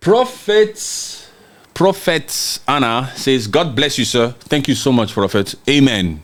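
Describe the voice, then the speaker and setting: A Congolese man hosts a podcast livestream, speaking slowly but animatedly at a medium pitch. He reads viewer comments in a heated, emphatic way and often repeats words.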